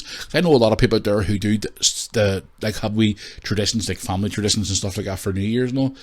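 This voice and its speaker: A man hosting a casual solo podcast, rambling, candid and quick to swear. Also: lowish voice. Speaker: podcast host.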